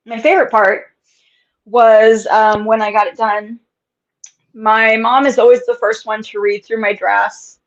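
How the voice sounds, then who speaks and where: A woman's voice: a little high, level tone, slow pace, pauses often. A woman author in a casual interview, talking candidly and often laughing. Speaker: author guest. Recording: dull lo-fi sound.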